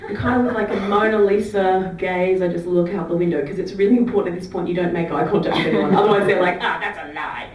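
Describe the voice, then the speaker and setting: A woman doing a stand-up comedy set on a club stage, chatty and giggly, acting out fake phone calls in a low murmur. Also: fairly even intonation, fast, hardly any pauses, crowd noise. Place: comedy club stage before a live audience. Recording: roomy club sound, heard from some distance.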